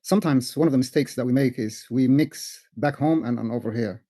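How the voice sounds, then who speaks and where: A man speaking in a group discussion, measured and thoughtful, with many fillers and repeated words. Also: mid-range voice, mellow, low-quality recording. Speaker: speaker in a live audio discussion.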